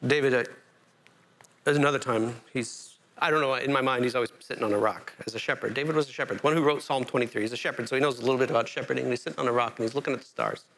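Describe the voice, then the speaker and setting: A man preaching a sermon as pastor, animated and self-interrupting, climbing to emphatic peaks. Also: mid-range voice, rapid-fire.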